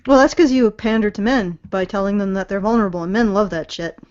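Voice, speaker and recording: A woman's voice: mid-range voice, quick pace, a little mellow, highs cut off. A woman co-hosting a casual podcast chat, with pointed, sardonic remarks. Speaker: podcast co-host.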